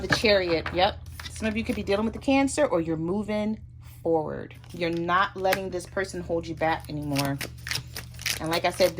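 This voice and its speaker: A woman's voice: mid-range voice, noisy background. Chatty woman giving a tarot reading. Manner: chatty, acts out both sides of a relationship in quick asides. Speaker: tarot reader. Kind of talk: casual tarot reading to camera.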